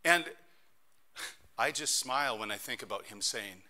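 A middle-aged man preaching a sermon as pastor, telling stories in an animated way that swings between soft and loud. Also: mid-range voice, a little slow, long pauses.

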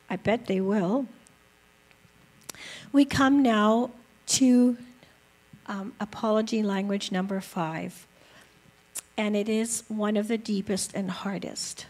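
Slow, gravelly-voiced woman teaching gently. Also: mid-range voice, rough recording. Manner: gentle, earnest, unhurried with fillers. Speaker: speaker teaching about apologies. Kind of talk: slow reflective talk with a read-aloud excerpt.

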